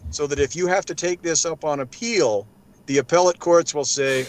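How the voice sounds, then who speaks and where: A man's voice: a little high, brisk, poor audio. Man talking law, acting out judges. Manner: animated, acts out judges in quoted asides. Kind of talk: casual panel discussion.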